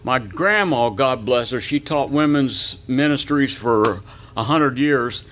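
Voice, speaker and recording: Speaking slowly in a medium-pitched, slightly bright voice, an older man leads a Bible class as pastor. He's folksy and talkative, putting questions to his audience and telling anecdotes.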